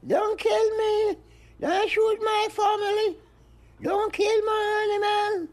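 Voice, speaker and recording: A man voicing a small bird that begs not to be shot, in a high squeaky cry. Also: level tone, slow. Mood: pleading. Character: pleading little bird begging not to be shot.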